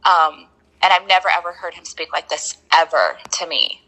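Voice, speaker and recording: Rambling woman guest, low bright voice. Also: very animated, normal speed, slight background noise, rough recording. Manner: rambling, many fillers and restarts. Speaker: client, guest. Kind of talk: casual interview chat.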